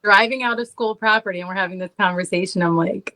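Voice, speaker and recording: A woman's voice: mid-range voice, quick pace, pushed and bright, poor audio. Woman, thirties, podcast guest, casual storytelling, chatty, lots of "like". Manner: chatty, says "like" often, laughs at herself.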